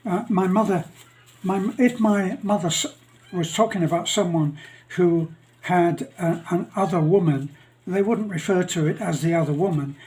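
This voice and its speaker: An older man with a Northern English accent, telling jokes and stories in a rambling, chuckling way with many pauses. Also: high-pitched, a little mellow. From England. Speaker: channel host. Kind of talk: casual storytelling monologue.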